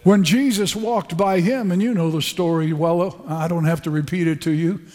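High-voiced fervent male preacher, echoey hall. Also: fairly even intonation, normal speed, darkish tone. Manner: fervent, emphatic preaching with repeated phrases. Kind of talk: sermon. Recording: echoey hall with long reverb.

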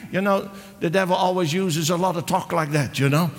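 High-voiced impassioned male preacher. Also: brisk. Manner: impassioned, exclaims and voices the characters. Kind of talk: sermon. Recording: long hall reverb.

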